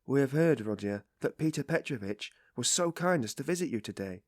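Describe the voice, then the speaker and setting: A fretful, tearful middle-aged mother, read by a male narrator pitches her voice well up and pleads in an anxious rush. She sounds close and dry, with no room around her. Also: expressive, fairly quick, no room sound, lightly acted. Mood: anxious pleading.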